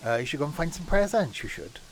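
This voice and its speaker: A man's voice: on the high side, big pitch swings, quick pace, a little hiss or hum. A man doing a jokey put-on Welsh accent, parodying a station master in a sing-song way. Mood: mocking.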